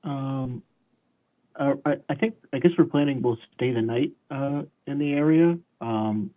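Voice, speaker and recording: A man's voice: medium pitch, unhurried. A hesitant, stammering man takes his turn in a tabletop game. His voice comes through a thin, phone-like line. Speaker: player.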